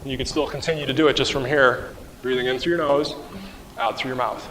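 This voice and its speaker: A man's voice: medium pitch, steady tone, brisk, a bit bright, a little hiss or hum. Man leading an exercise class in an echoey hall. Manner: patient, conversational, asks the class questions. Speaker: qigong and mobility instructor. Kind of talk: guided exercise class instruction. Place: rehab class room with floor tiles.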